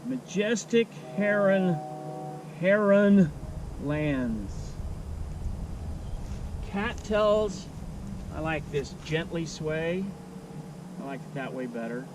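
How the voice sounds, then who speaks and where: A man talks slowly and unhurriedly, thinking aloud as he teaches outdoors. His voice sits a little high for a man. A faint outdoor hum runs underneath. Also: animated. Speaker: nature educator. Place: outdoors at a wildlife refuge.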